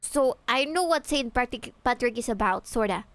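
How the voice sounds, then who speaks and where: A woman's voice: on the high side, animated, moderate pace, a bit bright. A young woman from Peru, streaming a game and joking and teasing with her chat, swearing casually. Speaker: VTuber streamer.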